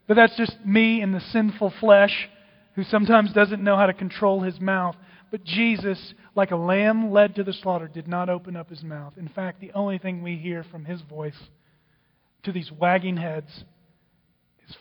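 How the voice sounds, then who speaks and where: A man preaching a sermon, dramatic, swinging from loud outbursts to hushed whispers. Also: high-pitched, moderate pace. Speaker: pastor. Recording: dull, with long hall reverb.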